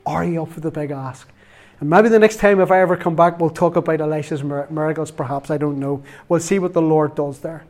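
A man's voice: a little high, steady tone, brisk, darkish tone. A middle-aged man from Northern Ireland with a Northern Irish accent, preaching a sermon through chatty, repetitive anecdotes and closing in prayer. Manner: chatty, laughing anecdotes, repeats himself. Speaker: lay preacher. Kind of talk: storytelling sermon.

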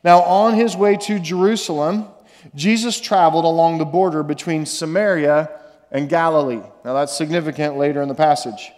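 A man preaching a morning sermon in a relaxed, conversational way, with many fillers and restarts, slowing down to read scripture aloud. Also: on the high side. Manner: conversational, with fillers and repeated words; reads scripture aloud slowly. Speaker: pastor. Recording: long reverb of a large room.

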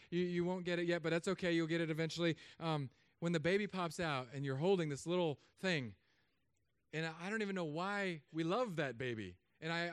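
Joking, animated man preaching a sermon. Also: on the high side, clear, resonant tone, no echo, studio quality. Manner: humorous, animated storytelling with acted asides. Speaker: pastor.

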